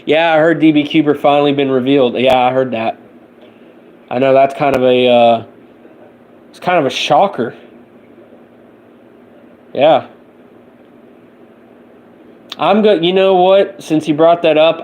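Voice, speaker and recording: A tired man rambling through casual late-night chat as he hosts a livestream, halting and restarting his sentences. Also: mid-range voice, phone-quality sound. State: tired and sleepy. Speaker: livestream host.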